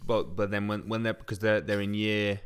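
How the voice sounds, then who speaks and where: A man, co-hosting a casual podcast chat with dry, deadpan humour. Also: fairly low pitch, normal speed, clear, resonant tone. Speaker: podcast co-host.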